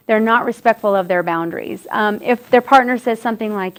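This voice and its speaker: A woman gives a relaxed, conversational educational talk to a group of students. Her pitch sits in a middle range, and she often circles back and restarts her phrases as she explains. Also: brisk, few pauses. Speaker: presenter on dating violence.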